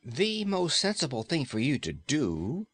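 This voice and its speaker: A man's voice: a little high, wildly swooping pitch, a little slow, fairly bright tone, husky, voice pushed up, exaggerated voice. A man voicing a sensible, kindly woman cook in an audiobook, speaking earnestly in a raised voice.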